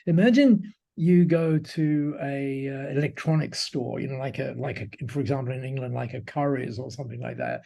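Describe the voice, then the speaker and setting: A man retelling the words of a soft-spoken young Japanese woman, speaking slowly and gently. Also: medium pitch, creaky. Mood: gentle.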